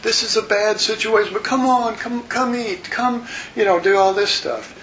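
A man's voice: high-pitched, fairly even intonation, normal speed, fairly bright tone, highs cut off, slight background noise, pitched above the performer's own voice. A man voicing servants who coax a grieving king to get up, in a pleading tone. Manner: pleading, coaxing.

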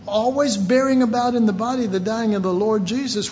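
High-voiced emphatic preacher man. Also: a little fast, hardly any pauses, highs cut off, a little hiss or hum. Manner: emphatic, rising to shouted questions; reads scripture aloud in King James wording. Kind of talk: sermon.

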